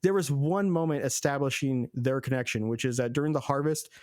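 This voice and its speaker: A man's voice: medium pitch, brisk, darkish tone, dry recording. A man co-hosting a podcast, animatedly recapping a movie with sarcastic asides in casual chat. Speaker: podcast co-host.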